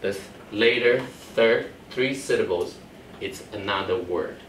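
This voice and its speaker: A man's voice: lowish voice, unhurried, a bit bright. A man teaching a Chinese class, explaining the rules patiently step by step and checking whether students understand. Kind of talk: classroom lecture. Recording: echoey classroom from far off with faint noise.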